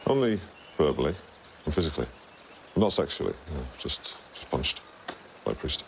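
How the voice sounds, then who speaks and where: Deadpan low-voiced Englishman. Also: fairly quick, gravelly, a little hiss or hum. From North of England. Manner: deadpan, prickly, pedantic. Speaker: travelling companion. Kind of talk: dry comic banter. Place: hotel room and restaurant.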